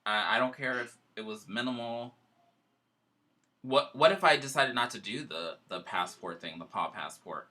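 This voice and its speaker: A man hosting a casual chat, telling a story in an animated, emotional way. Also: medium pitch, moderate pace.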